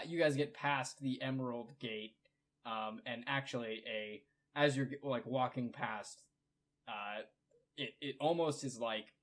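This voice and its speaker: A man narrating a tabletop game as game master in a laid-back way full of hedges. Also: mid-range voice.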